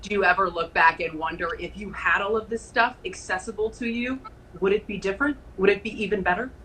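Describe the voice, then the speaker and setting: Woman host of a live-stream chat; bright, conversational, asks long questions. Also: mid-range voice, fairly quick, a little hiss or hum, low-quality recording. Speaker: host, sports reporter. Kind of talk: casual live-stream interview.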